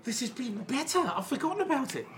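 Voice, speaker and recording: A man in his fifties, co-hosting a podcast from a pub, telling casual anecdotes as a lively storyteller who swears freely. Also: very high voice, fast, a little hiss or hum. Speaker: podcast co-host.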